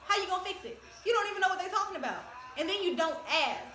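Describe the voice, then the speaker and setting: A woman's voice: very high voice, expressive, fast talker, pushed and bright, a little hiss or hum. A woman hosting a casual discussion, talking emphatically in a lecturing way and laughing often. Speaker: host. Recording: echoey room.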